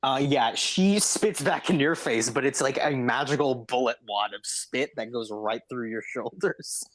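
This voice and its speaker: Slow, dry-voiced male game master. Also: mid-range voice, fairly bright tone, dry recording. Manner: unhurried, with frequent ums and uhs. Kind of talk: narrating a tabletop game.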